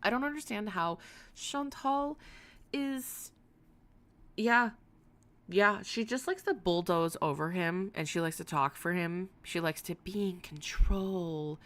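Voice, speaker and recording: A woman's voice: on the low side, slow, a bit bright. A woman hosting a casual livestream, talking in a sarcastic, rambling way and swearing now and then. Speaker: livestream host.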